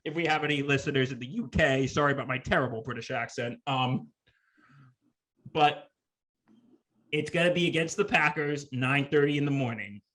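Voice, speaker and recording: A man hosting a sports podcast, chatting casually in an animated, jokey way. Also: medium pitch, normal speed, pauses often. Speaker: podcast host.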